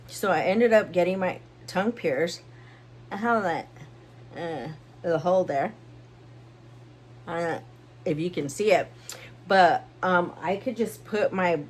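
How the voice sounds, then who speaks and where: A woman's voice: fairly low pitch, slight background noise. A young woman vlogging at home in a casual, rambling way, full of fillers and sounding tired. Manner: rambling, chatty, with many fillers. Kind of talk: casual vlog chat.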